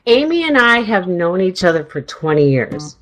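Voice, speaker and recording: A middle-aged woman hosting a radio talk show, chatting in a rambling way with a slightly hoarse throat. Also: lowish voice, sing-song, normal speed, poor audio. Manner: chatty, rambling, laughs often. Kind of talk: casual chat.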